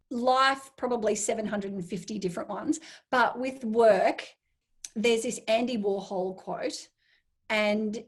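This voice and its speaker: A woman, a make-up artist from Australia, chatting as an interview guest and acting out inner voices as she tells stories. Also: medium pitch. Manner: animated storyteller, acts out inner voices. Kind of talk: casual interview chat.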